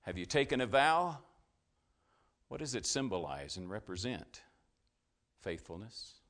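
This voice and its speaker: A male preacher delivering a sermon, asking his congregation questions, then swelling to loud, fervent climaxes before dropping low and quiet. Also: very animated, moderate pace. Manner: asks the congregation questions and answers them.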